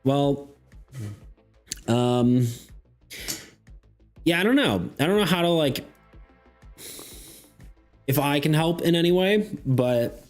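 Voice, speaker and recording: A man's voice: on the high side, expressive, slow pace, long pauses, soft background music. A man streaming, chatting casually and reading chat messages aloud, full of fillers and restarts.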